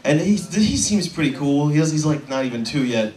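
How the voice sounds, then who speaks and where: A man in his twenties doing a stand-up set, rambling and self-deprecating, often halting with fillers. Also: a little high, animated, darkish tone, reverberant, distant mic, a little hiss or hum. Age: 20s. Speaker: stand-up comedian.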